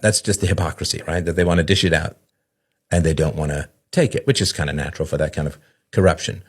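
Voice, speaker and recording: Speaking low and fast with a breathy edge, a man works through an idea in a long, conversational monologue like a podcast host. He keeps checking in with "right?" and briefly imitates the people he quotes.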